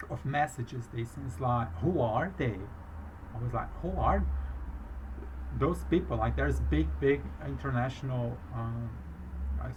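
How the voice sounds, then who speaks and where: A business owner recounting a fraud case in a rambling, halting way, with a foreign accent and many restarts. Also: male voice, medium pitch, muffled recording, slight background noise. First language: not English, speaks with a foreign accent. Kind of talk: emotional personal account.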